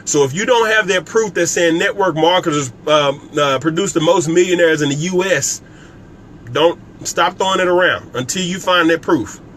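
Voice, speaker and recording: A man's voice: on the high side, moderate pace, a bit bright, a little hiss or hum. A man hosting a motivational live stream on business and scripture, speaking emphatically, repeating key phrases and addressing viewers by name. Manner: talks directly to viewers by name. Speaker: network marketing coach hosting a live stream.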